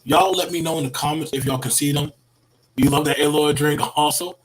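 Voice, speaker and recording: A man chatting casually to his viewers as a reaction video host, rambling and repeating words, his voice worn from yelling. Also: fairly high pitch, steady tone, fairly quick, low-quality recording. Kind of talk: casual morning livestream chat.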